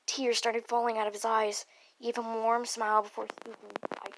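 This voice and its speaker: A woman's voice: a little high, little pitch movement, a little fast, fairly bright tone, slight background noise, rough recording. A woman reading a fanfic aloud, stumbling over words and dropping offhand side comments.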